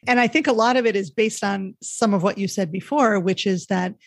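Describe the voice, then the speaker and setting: A woman hosting a podcast, explaining ideas calmly and asking questions. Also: medium pitch, a little fast, vocal fry, dry recording. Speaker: podcast host. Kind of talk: podcast interview.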